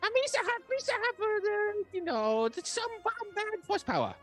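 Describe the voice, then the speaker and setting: A woman's voice: very high-pitched, very animated, normal speed, soft background music. A woman voicing a bumbling creature who talks of herself in broken third-person speech. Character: Misa, a bumbling creature speaking broken grammar.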